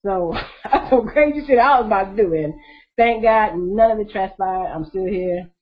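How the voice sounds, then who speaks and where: A woman's voice: mid-range voice, normal speed. A woman telling her story casually to her viewers, blunt and profane, laughing often. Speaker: vlogger. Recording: dull lo-fi recording.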